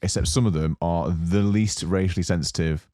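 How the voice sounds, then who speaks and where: A young adult man co-hosting a podcast, casually telling a long story with lots of fillers and animated asides. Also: low-pitched, normal speed, no room sound, studio quality. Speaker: podcast co-host. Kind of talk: casual chat.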